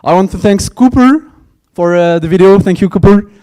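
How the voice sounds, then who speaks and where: A man with a French accent, a native French speaker, giving a hesitant opening speech at a conference and thanking sponsors, with many pauses and fillers. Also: high-pitched, mellow, smooth. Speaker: conference organizer. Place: conference hall.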